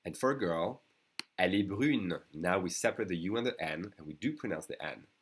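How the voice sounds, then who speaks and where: Deep-voiced French man teaching slowly. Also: lively intonation, fairly bright tone, a little hiss or hum. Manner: patient, repeats each phrase slowly. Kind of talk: online language lesson.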